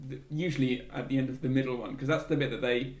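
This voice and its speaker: A man's voice: mid-range voice, fairly even intonation, quick pace, darkish tone. Easygoing man in an echoey room. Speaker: podcast co-host. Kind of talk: casual film chat. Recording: roomy echo.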